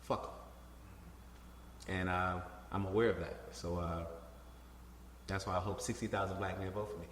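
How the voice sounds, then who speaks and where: A man, a political candidate, talking in a casual interview with animated, profane storytelling and frequent restarts. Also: sits low, normal speed, pauses often, slight background noise. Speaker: congressional candidate. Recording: echoey room with long reverb.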